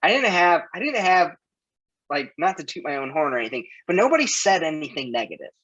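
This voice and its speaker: Guest, male coach, candid and emotional, bright tense voice, muffled lo-fi sound. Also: fairly high pitch, sing-song, a little fast, slightly rough. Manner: open, emotional storytelling. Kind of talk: casual chat.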